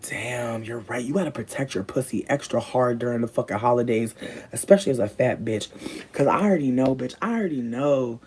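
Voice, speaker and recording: Husky, profane woman chatting on a livestream. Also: brisk, mellow. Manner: profane, chatty, swings to high squeals. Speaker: livestreamer talking to viewers. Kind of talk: casual livestream chat.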